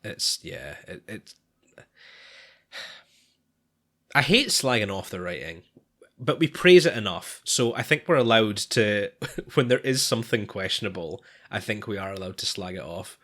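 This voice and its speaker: A man's voice: lowish voice, animated, unhurried, fairly bright tone. A man co-hosting a podcast in casual chat, talking hesitantly with frequent restarts and sighs. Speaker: podcast co-host.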